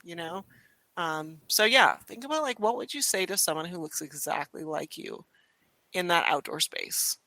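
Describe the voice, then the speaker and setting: A young adult woman chatting as a podcast guest and telling stories in a lively way, with lots of restarts and "you know.". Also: on the low side, normal speed, no room sound, poor audio. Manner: animated storyteller, frequent restarts and "you know". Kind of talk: casual conversation.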